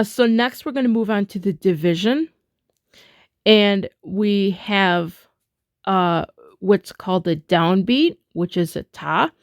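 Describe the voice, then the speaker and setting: A woman's voice: mid-range voice, dry recording, studio quality. A woman teaching a music rhythm lesson in a chatty way, full of fillers, chanting rhythm syllables as she taps.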